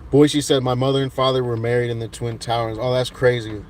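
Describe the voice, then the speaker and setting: A man's voice: medium pitch, level tone, fairly quick, a little mellow, slight background noise. A man in his thirties, casually chatting on a livestream and reading out viewer comments in a laid-back, rambling way with lots of restarts. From United States. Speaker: livestream host reading chat. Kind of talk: casual chat.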